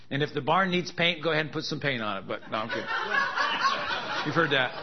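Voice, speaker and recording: A man's voice: fairly high pitch, lively intonation, brisk, heavy background noise. A man preaching a sermon, with joking, laughing asides and emphatic contrasts that build in intensity. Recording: dull lo-fi sound.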